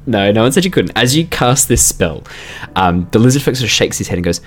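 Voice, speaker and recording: Low-voiced man running a tabletop game. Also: expressive, a little fast, slightly rough. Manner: good-humoured, apologetic. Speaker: game master.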